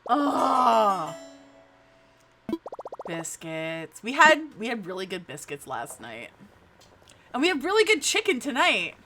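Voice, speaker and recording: A woman's voice: a little high, wildly swooping pitch, slow pace, gravelly, long pauses, noisy background. A woman from New Jersey streaming live in a casual chat, cursing often and restarting her sentences. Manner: frustrated, swears freely, lots of restarts.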